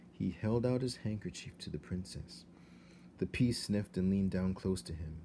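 Male teacher reading aloud, low, expressive, slight hiss behind. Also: moderate pace. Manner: expressive, shifts to hushed tones. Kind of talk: read-aloud storytelling.

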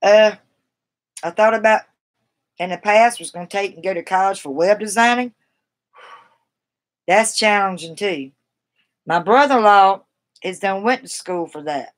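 A woman with a Southern American drawl talks to her live stream viewers in a loose, rambling way, laughing easily as she goes. Her pitch sits in an ordinary middle range. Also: unhurried, pauses often. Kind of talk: casual live stream chat.

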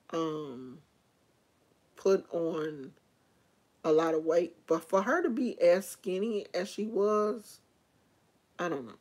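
Woman vlogger, lower voice, unhurried and rambling; casual, opinionated chat to camera. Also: darkish tone.

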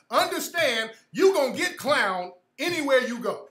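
A man's voice: extremely high pitch, big pitch swings, measured pace, few pauses, a bit bright, reverberant. A man hosting his own show, telling a story in a casual, profane, mocking way and often laughing at it. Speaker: podcast host.

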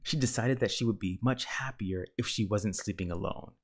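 A man reading a children's picture book aloud with gentle, measured storytelling. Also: on the low side. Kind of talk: children's read-aloud narration.

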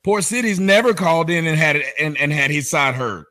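A man's voice: on the high side, expressive, brisk, sharp tone. A man hosting a commentary show, mocking the clips he plays in a sarcastic, sing-song teasing way. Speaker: commentary host.

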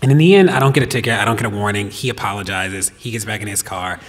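Husky man telling a story in a hall. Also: fairly low pitch, fast talker. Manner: animated, laughing anecdote with many fillers. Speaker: podcast guest. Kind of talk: storytelling in a live talk. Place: stage of a performance venue. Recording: long reverb of a hall.

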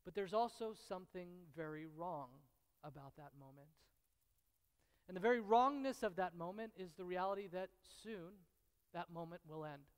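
A man with a high, clean voice preaches a sermon, his words carrying a long reverb from the large hall around him. He tells stories with repetition and dramatic pauses, alternating between hushed intimacy and excited, loud bursts.

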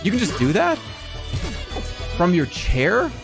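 A man streaming games live, chatting excitedly, swearing and yelping in bursts. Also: high voice, slow, vocal fry, over music. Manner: excitable, yelps and swears, breaks into laughter. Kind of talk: casual live-stream chatter while gaming.

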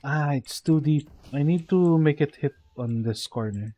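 Sleepy Filipino man, slow and mellow. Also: a little high. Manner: mumbling to himself, code-switching into Tagalog. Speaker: game streamer. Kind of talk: casual gameplay commentary.

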